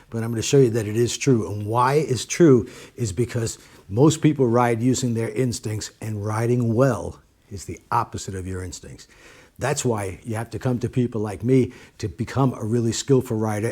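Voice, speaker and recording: Plain-spoken middle-aged man, mellow voice. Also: mid-range voice. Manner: plain-spoken, repeats points for emphasis. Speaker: motorcycle riding instructor. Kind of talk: casual talk to camera.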